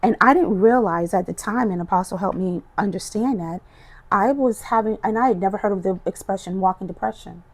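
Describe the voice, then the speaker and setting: Middle-aged woman guest with a gravelly voice; emotional, animated personal testimony. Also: mid-range voice, fairly quick. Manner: expressive, animated storytelling, voices her past self. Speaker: podcast guest.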